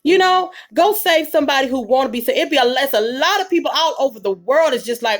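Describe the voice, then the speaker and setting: A woman's voice: high voice, animated. Emphatic, preachy woman commentator. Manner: emphatic, preachy, bursts of rapid speech. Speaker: online commentator. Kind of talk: live commentary monologue.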